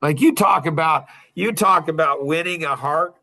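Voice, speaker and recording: A middle-aged man leading a coaching group, telling a personal story in a casual, animated way with frequent laughter. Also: fairly high pitch, moderate pace, hardly any pauses.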